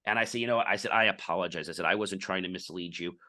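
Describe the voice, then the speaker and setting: A man's voice: low voice, very fast, sharp tone. A middle-aged man, a podcast guest, telling a business story in casual interview talk and acting out the dialogue.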